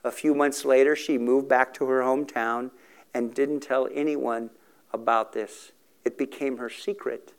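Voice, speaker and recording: A man's voice: medium pitch, fairly even intonation, measured pace. A middle-aged man telling a story in a sermon for a recovery ministry, earnest and emotional, acting out the dialogue.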